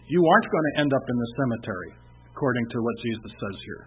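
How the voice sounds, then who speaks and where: A man's voice: medium pitch, quick pace, husky. A man preaching a sermon in an earnest, conversational way, asking his listeners questions. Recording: muffled phone-like radio broadcast.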